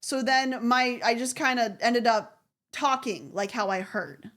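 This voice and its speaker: A woman's voice: a little high, unhurried, a bit bright. A woman streamer with a faint Southern American accent, chatting in a giggly, self-aware way while reacting live.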